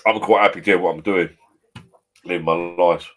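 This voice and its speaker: Bloke, fifties, low voice, a few beers in, rambling sweary chat in his pub shed. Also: steady tone, normal speed, fairly bright tone. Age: 50s. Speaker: vlogger.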